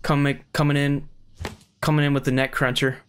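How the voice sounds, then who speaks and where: A man's voice: fairly high pitch, flat delivery, moderate pace, a little hiss or hum. A man streaming, giving casual reaction commentary with frequent exclamations and laughter.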